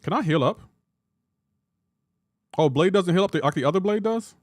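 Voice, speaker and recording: A young man live-streaming a mobile game, joking back and forth with his chat in a casual, animated way. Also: high voice, moderate pace, dry recording, studio quality.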